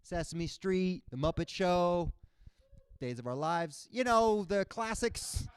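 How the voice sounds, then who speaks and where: Animated comedian guy from cuba, bit high voice, dry close sound. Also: slow pace, smooth, no room sound. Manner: animated, jumps into high-pitched character voices. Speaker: stand-up comedian. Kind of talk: stand-up comedy set.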